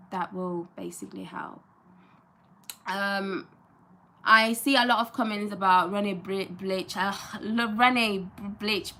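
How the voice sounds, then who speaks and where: A woman's voice: mid-range voice, vocal fry, pushed and bright, slight background noise. A young woman from Gambia chatting on a live stream, emphatic and chatty, often repeating phrases for stress. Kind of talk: casual live-stream chat.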